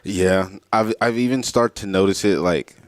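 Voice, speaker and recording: A man's voice: sits low, normal speed, no echo, clean studio sound. A man co-hosting a morning talk show, easygoing and rambling, laughing often. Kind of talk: casual chat.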